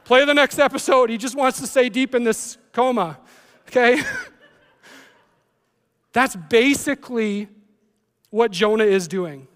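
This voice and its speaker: A man with a high voice preaches to his church, trading scripture reading for relaxed, joking asides. His voice carries a long reverb, as if recorded in a church hall. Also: slow pace, pauses often. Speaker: pastor. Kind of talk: sermon.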